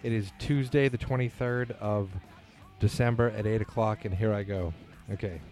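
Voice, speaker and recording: A man's voice: fairly low pitch, fairly even intonation, moderate pace, a little mellow, faint music behind. A man from New England hosting a casual solo podcast, reading listener emails aloud and rambling with self-deprecating asides. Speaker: podcast host.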